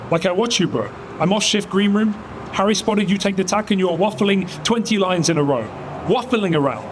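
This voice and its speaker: Man, high voice, frustrated lecture, car noise outside.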